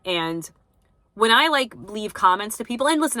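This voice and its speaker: A woman's voice: medium pitch, expressive, fairly quick, pushed and bright, dry recording. A young woman talking casually to her vlog audience in a rambling, blunt, self-deprecating way, with many fillers and restarts. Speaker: vlogger.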